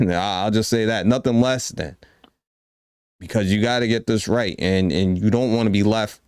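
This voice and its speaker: A man co-hosting a sports talk podcast, giving his take in a measured way and thinking aloud. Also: on the low side, a little mellow, smooth, no echo, clean studio sound. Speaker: podcast co-host. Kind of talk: casual sports debate.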